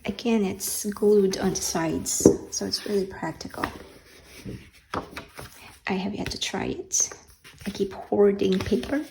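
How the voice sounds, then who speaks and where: A woman hosting a casual vlog, talking slowly and hesitantly with many ums and restarts. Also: medium pitch, warm tone, poor audio. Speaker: art channel host. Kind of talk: casual show-and-tell vlog. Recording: faint background noise.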